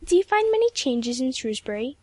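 A woman putting on a proud young girl with a high, bright voice, haughty and cool until she stammers in a fluster. The storybook reading sounds dry and close. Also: sing-song, fairly quick, dry recording. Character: proud, prickly teenage girl reporter.

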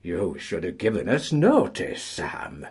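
A man voicing a suave union paymaster, smooth and placating, with a breathy voice. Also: deep voice, steady tone, unhurried, full character voice.

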